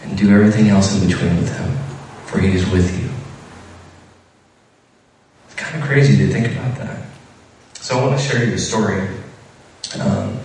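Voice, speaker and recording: A man's voice: deep voice, darkish tone, a little hiss or hum. A man giving an informal sermon, telling a story casually with many fillers and restarts. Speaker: preacher. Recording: echoey room heard from a distance.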